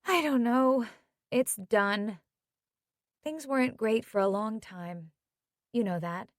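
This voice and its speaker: A woman reading an audiobook, voicing a heartbroken young woman who is soft-spoken and wry. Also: a little high, slow, dry recording, clean studio sound. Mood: glum.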